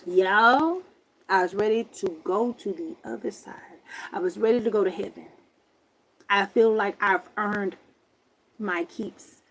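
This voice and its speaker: A woman hosting a livestream, telling a story to her viewers in a loud, profane, exasperated rant from her camper. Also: mid-range voice, unhurried, low-quality recording. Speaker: livestream host.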